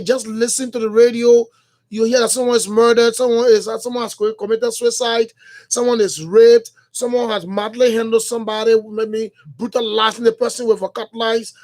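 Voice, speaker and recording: A Liberian man hosts a morning radio talk show in a studio, his voice sitting notably high for a man. He thinks out loud in a loose monologue, circling back to the same phrases and filling pauses with hesitant fillers and restarts. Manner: rambling, repeats phrases, many fillers and restarts.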